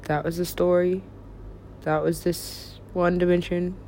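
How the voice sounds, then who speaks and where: A woman's voice: fairly low pitch, flat delivery, unhurried, a little mellow, slight background noise. A woman recording herself in a rambling solo monologue, talking to herself and swearing casually. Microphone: self-recorded.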